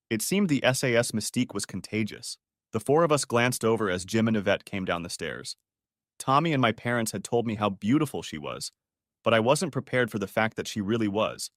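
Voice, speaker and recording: A man narrating a story audiobook in a steady, expressive reading style. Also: mid-range voice, no echo, studio quality.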